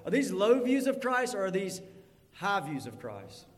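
A man preaching a sermon as pastor, emphatic and rising to fervent peaks before dropping low. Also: wildly swooping pitch, a little slow. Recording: long hall reverb.

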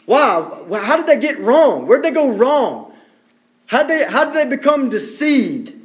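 A man's voice: very high voice, big pitch swings, a little slow. A man preaching a sermon, emphatic and direct, repeating key phrases for stress.

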